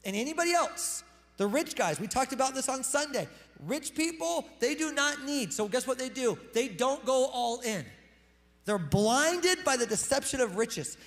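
A male pastor with a very high voice delivers a lively sermon. He punches key lines loudly and then drops into fast, quieter asides. The sound rings with the long reverb of a church hall. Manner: animated, swings between loud emphasis and quick asides.

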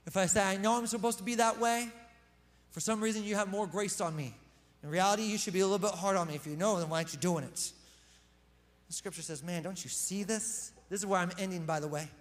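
A male pastor preaching a sermon in an impassioned, conversational way, acting out the quoted speech. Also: sits high. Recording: long hall reverb.

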